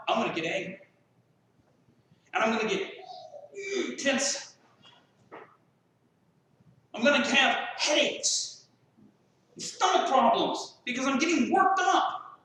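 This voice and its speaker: A man's voice: very high-pitched, sharp tone. A man preaching a sermon as pastor, impassioned and full of rhetorical questions. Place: church sanctuary. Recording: very echoey room, mic far off.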